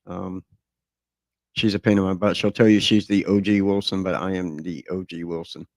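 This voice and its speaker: A middle-aged man with a low, gravelly voice hosts a podcast, joking crudely and swearing freely. His talk is loose and filled with ums and uhs. The sound is close and dry. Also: steady tone, normal speed, darkish tone, no echo. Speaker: podcast host. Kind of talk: casual, crude chat.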